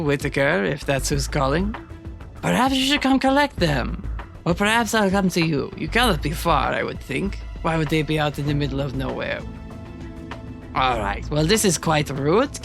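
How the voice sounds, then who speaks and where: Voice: mid-range voice, gravelly, fairly bright tone. Someone putting on a French villain, Nain Rouge. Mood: mocking. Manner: slow, falsely polite, drawn-out purring. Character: smooth, menacing male hunter villain.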